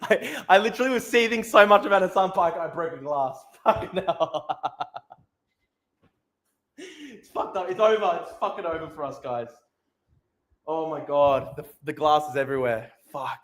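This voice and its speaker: A man's voice: on the high side, normal speed, fairly bright tone. Man ranting and laughing on stream. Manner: swearing, self-mocking, laughing often. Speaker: streamer host. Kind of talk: livestream rant.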